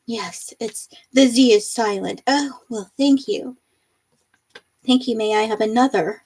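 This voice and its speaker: Reading viewers' comments out loud on a relaxed livestream, a woman laughs frequently between them. She speaks a little slowly in a slightly high, husky voice with a darkish tone, on a rough recording.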